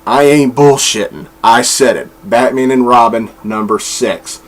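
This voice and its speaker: A man's voice: medium pitch, a little slow. A man chatting his way through comic book reviews at home, rambling with frequent fillers and restarts. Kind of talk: casual review vlog. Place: room at home with his dog.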